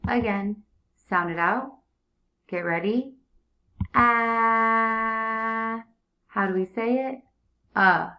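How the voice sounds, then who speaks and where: Slow, patient reading teacher, woman. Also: mid-range voice, lo-fi sound, soft background music. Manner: slow, clear prompting with repeated cues. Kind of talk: early reading lesson for young students.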